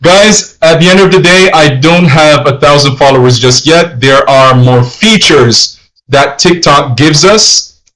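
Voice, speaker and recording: Speaking a little slowly, this man gives a live-streamed lesson, patiently going over Spanish and English phrases and repeating them. His voice is slightly high with a fairly bright tone, and the recording is low quality.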